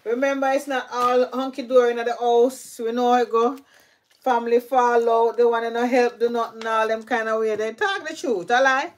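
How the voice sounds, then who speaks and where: A woman's voice: on the high side, steady tone, normal speed. A middle-aged woman with a Jamaican accent, chatting casually to viewers while tending her plants, repeating herself as she talks. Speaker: gardening vlogger. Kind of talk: casual chat while gardening.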